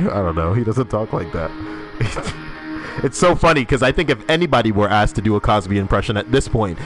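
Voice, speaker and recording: A man's voice: lowish voice, expressive, a little fast. A young man streaming a game, rambling casually, swearing, and laughing at his own jokes while reading chat. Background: music.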